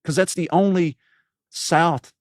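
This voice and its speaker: A man in his fifties from East Tennessee with a softened Southern accent, telling personal stories in an interview and acting out quoted voices. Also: a little high, slow, no room sound, studio quality. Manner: earnest storytelling, acts out quoted voices. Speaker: podcast host as guest. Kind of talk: reflective interview talk.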